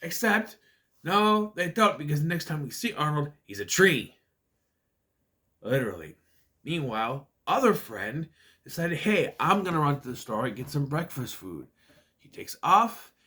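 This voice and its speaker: Animated sarcastic man recapping a movie. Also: on the high side, unhurried. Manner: acts out quoted lines in exaggerated voices; sarcastic asides. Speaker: movie reviewer. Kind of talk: casual comedic movie recap.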